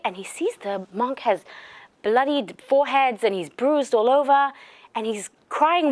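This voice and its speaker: A woman's voice: on the high side, unhurried. A woman giving a religious lecture in a conversational style, telling stories with fillers and restarts. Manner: conversational, animated storyteller. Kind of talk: lecture with storytelling.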